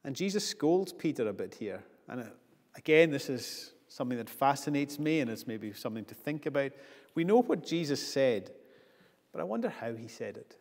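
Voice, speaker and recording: A man's voice: medium pitch, animated, fairly quick, a little mellow. A man preaching a sermon earnestly, building his points with repeated phrases. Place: church. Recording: long church reverb.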